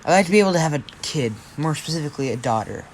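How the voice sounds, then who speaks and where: A man's voice: a little high, lively intonation, racing, slight background noise. A man voicing an eager mother who wishes for a daughter, easily satisfied.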